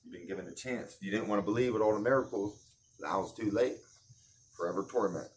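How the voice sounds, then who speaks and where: A man's voice: on the low side, a little fast, a little hiss or hum. Earnest man musing in rhetorical questions. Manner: slangy, with restarts. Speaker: online video host. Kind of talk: casual religious commentary.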